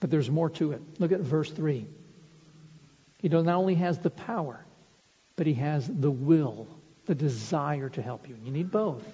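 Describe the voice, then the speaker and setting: A man's voice: fairly high pitch, animated, a little slow, dark tone, husky. A man preaching a sermon, earnest and explanatory, building his points with vivid everyday illustrations. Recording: reverberant hall, dull lo-fi sound.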